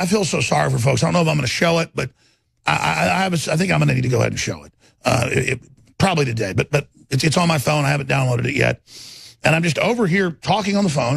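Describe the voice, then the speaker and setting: Gravelly heated male talk host. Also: on the high side, a bit bright, no room sound. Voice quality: gravelly, husky voice. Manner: heated, rambling, repeats words. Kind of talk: impassioned political talk show monologue.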